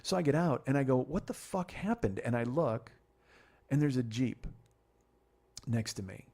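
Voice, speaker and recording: A middle-aged man hosting a podcast, telling a long profane story in a rambling, animated way. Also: medium pitch, normal speed. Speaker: podcast host. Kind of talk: storytelling monologue.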